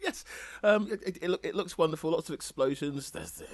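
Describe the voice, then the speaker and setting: A man co-hosting a casual podcast chat, quick and jokey. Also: fairly high pitch, animated, no room sound. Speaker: podcast co-host.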